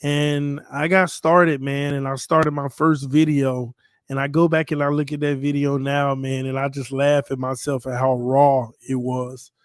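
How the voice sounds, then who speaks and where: A man's voice: mid-range voice, little pitch movement, a little slow, clean tone, dry recording, studio quality. A man in his thirties hosting a casual live stream, talking in a heartfelt, playful way. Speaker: channel host.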